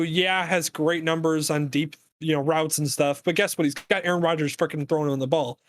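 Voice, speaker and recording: High-voiced man ranting about sports. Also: no echo. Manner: animated rambling rant with many fillers. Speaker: podcast co-host. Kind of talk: casual sports chat.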